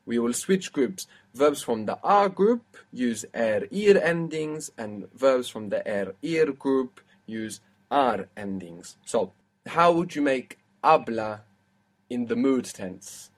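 A man's voice: medium pitch, expressive, takes it slowly. A man teaching a language lesson, explaining step by step and quizzing his student.

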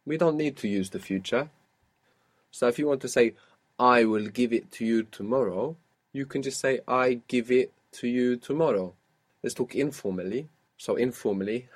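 A man teaching an audio language lesson, patiently prompting his student step by step. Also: medium pitch.

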